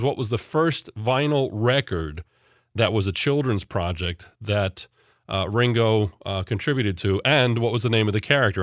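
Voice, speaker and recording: A man's voice: fairly low pitch, no room sound, clean studio sound. A man hosting a call-in radio show, talking casually with many fillers and restarts. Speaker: radio host.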